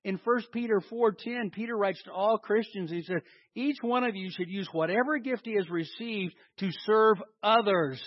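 A male pastor delivering a sermon, swinging between loud emphasis and quiet asides, and leading the congregation in call and response. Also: high voice, normal speed, dry recording, muffled recording. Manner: dynamic preaching with big swings in loudness and emphasis. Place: church hall with a congregation.

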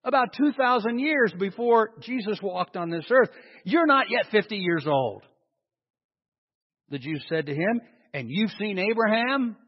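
A man's voice: sits high, expressive, measured pace, husky. A man preaching a conversational sermon, asking his congregation questions as he teaches. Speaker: pastor. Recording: dull long-reverb hall sound.

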